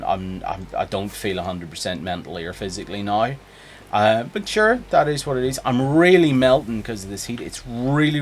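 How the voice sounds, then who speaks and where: A man's voice: on the low side, slight background noise. A man streaming a game, talking casually and jumping between topics with chat. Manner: animated, chatty, jumps between topics.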